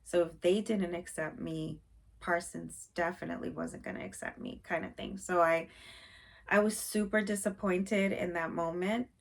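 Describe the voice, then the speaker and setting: A woman's voice: lowish voice, fairly even intonation, normal speed, creaky. A woman vlogger in casual chat, rambling with many fillers and openly sensitive about her feelings.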